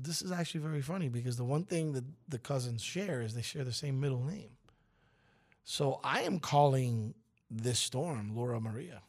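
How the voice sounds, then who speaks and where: A man's voice: medium pitch, vocal fry, a little mellow. A man hosting a radio show, chatting casually, joking and rambling.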